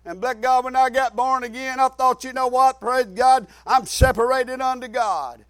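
A middle-aged man, preaching a folksy sermon full of repetition and sudden shouted emphasis. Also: extremely high pitch, fairly even intonation, normal speed, smooth, no echo.

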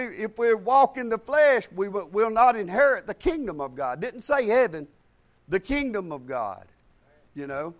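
Preaching live, a male pastor repeats words often, sliding into quiet asides between loud, high-pitched climaxes on his key points.

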